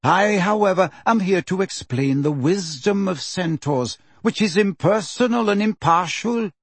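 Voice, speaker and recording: A man reading a calm, aloof male centaur teacher in a slow, measured voice for an audiobook. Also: high-pitched, breathy edge, dry recording, pitched above the performer's own voice, full character voice. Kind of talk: audiobook character voice.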